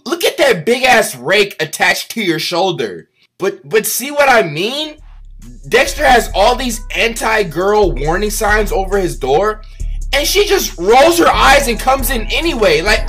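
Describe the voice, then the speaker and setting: A man doing loud, profane, mocking comedy commentary over a cartoon, with light music behind him. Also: high-pitched, slightly rough.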